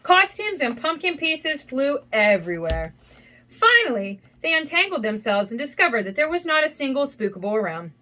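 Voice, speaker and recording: A woman reading a children's storybook aloud in an expressive, animated way. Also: high voice, moderate pace, slight background noise. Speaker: storybook reader. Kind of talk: children's read-aloud narration.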